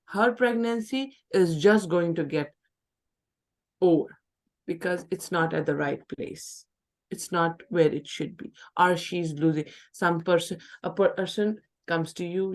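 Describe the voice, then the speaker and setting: A middle-aged woman giving a classroom lecture, acting out what patients and workers might say. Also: fairly low pitch. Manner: acts out patient and worker lines.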